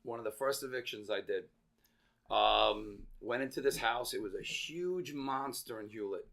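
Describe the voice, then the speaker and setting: A man tells wild stories as a podcast guest, animated and loose, swearing as he goes. His voice is bright and forward at an ordinary male pitch. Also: moderate pace, vocal fry. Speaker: podcast guest, real estate veteran. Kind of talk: casual storytelling.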